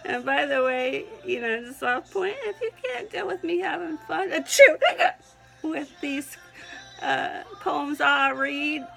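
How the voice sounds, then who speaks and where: Slowly reading a prayerful poem she wrote herself, a Southern-accented woman speaks in a high, gravelly-edged voice, often stopping to sneeze or laugh while sounding teary and near crying. Faint soft music sits in the background. The spoken-word delivery is expressive, though the recording is rough.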